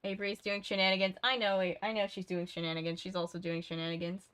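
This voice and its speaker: A woman reads a storybook aloud in a casual, easygoing way, slipping into chatty asides between passages. Her voice sounds bright and clear. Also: mid-range voice, flat delivery, fast talker. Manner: reads steadily, then drifts into chatty asides. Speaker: channel host reading a book aloud. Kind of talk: casual read-aloud livestream.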